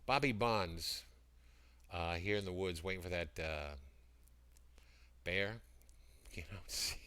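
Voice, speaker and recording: On a casual livestream, a male seller pitches products, rambling and greeting chat viewers by name. His low voice moves slowly and is bright, forceful, and smooth, picked up by a computer mic.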